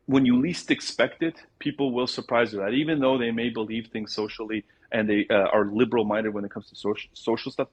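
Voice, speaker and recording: A man's voice: mid-range voice, husky, poor audio. A man calling into a debate show, ranting at length and swearing about politics. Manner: long-winded ranting, swears. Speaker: caller. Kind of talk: call-in debate.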